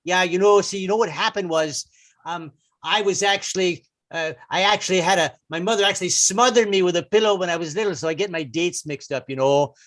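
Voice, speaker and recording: A sheepish middle-aged salesman, put on by a man, with a Minnesota accent stumbles through an apology. The voice sits high and bright, full of stammers and restarts. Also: a little fast.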